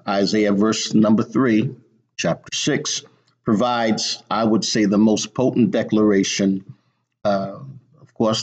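A man preaching a sermon, speaking slowly and deliberately, repeating words for emphasis with frequent "uh" pauses. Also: lowish voice, darkish tone, breathy edge. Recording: dull lo-fi sound.

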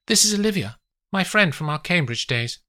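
A man's voice: expressive, moderate pace, bright, forceful tone. A man voicing a chatty, nervous young woman. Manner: higher put-on female voice. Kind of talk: audiobook character voice.

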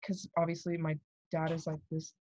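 A young woman in casual chat, talking in a chatty way with many fillers and turning animated when she mimics people. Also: deep voice, normal speed, lo-fi sound. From Douglas, Arizona area. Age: young adult.

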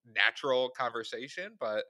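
Bright-voiced man in dry close-up. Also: mid-range voice, normal speed, no echo. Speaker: podcast co-host. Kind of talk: casual chat.

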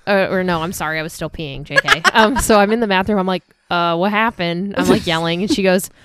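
A woman's voice: fairly low pitch, quick pace, fairly bright tone. A young woman co-hosting a casual chat, laughing often and swearing freely. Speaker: co-host.

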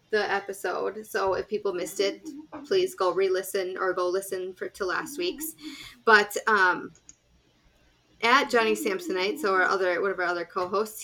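A woman's voice: mid-range voice, a bit bright. A woman co-hosting a gaming podcast in casual chat, rambling and correcting herself as she goes, laughing easily. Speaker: podcast co-host.

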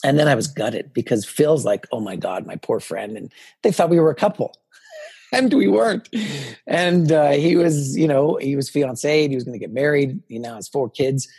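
A man in his fifties, a podcast guest telling personal stories in a lively way and acting out what people said to him. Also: fairly high pitch, moderate pace, breathy edge. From Canada. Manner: animated storyteller, acts out quoted dialogue. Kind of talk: personal storytelling in a podcast interview.

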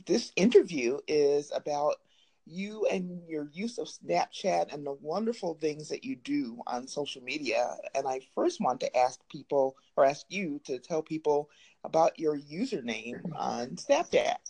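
Woman, podcast host, breathy tone, chatty, laughs easily. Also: deep voice, animated, measured pace, darkish tone. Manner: laughs often, upbeat and chatty. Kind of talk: casual interview with a friendly intro.

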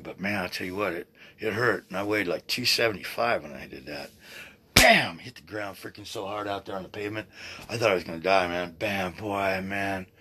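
A man in his sixties hosting a podcast, rambling in a casual, excitable way, swearing freely and often restarting his sentences. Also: sits low, husky. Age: 60s. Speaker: podcast host. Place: at home, seated.

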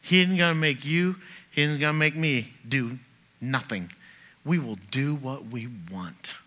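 Bright-voiced man preaching with stories. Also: medium pitch, measured pace. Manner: animated storyteller, swings from loud bursts to quiet asides. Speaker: pastor. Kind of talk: sermon with personal anecdotes.

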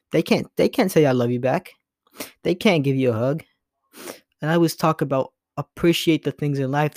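A man's voice: mid-range voice, a little mellow, no echo. Earnest young man rambling, dry close sound. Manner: rambling and earnest, with many restarts and fillers. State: emotional, voice breaking at times. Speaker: podcast host. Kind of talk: casual solo podcast monologue.

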